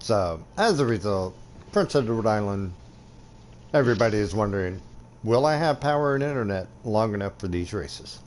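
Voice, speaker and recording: A man hosting a relaxed chat with fellow sim racers, easygoing and quick to laugh, on a headset mic. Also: fairly low pitch, slight background noise.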